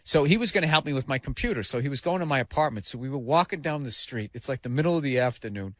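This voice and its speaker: Male talk-radio guest, swearing raconteur with a bright, forceful tone recorded close and dry; bursts into shouted impressions. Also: medium pitch, quick pace, dry recording. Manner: profane storyteller, animated bursts of shouting impressions. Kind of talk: casual radio talk show chat.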